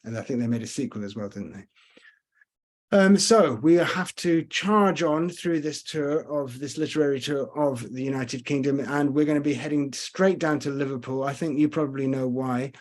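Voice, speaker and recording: A man working as a tour guide, giving a chatty, rambling virtual tour talk over slides with frequent pauses to think. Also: mid-range voice, a little mellow.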